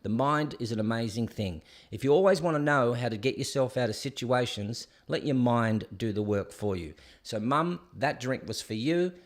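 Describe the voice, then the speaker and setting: A man's voice: mid-range voice, lively intonation, normal speed, hardly any pauses. A man, hosting a live show and telling stories in a rambling, conversational way full of fillers. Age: 60s. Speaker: podcast host. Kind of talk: live casual chat and rant.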